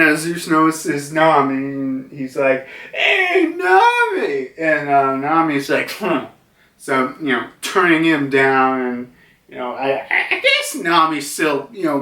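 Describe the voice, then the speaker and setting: A man's voice: fairly high pitch, sharp tone. A man casually reviewing a comic chapter, rambling with many fillers and restarts. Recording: roomy, distant from mic.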